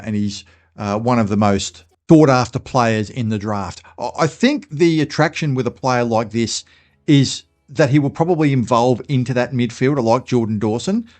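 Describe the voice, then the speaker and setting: A man with an Australian accent chats casually as the host of a fan channel. His voice sits at an ordinary middle pitch. He thinks aloud as he goes, dropping in fillers and restarting sentences. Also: a little mellow. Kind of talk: casual spoken commentary.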